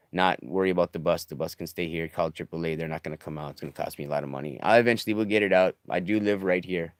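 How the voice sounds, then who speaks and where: A man talking in a rambling, halting confessional video diary, emotional as he comes off substances, often trailing off quietly. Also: low voice, clear, resonant tone, dry recording, clean studio sound. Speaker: vlogger. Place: living in a stuck bus in the desert.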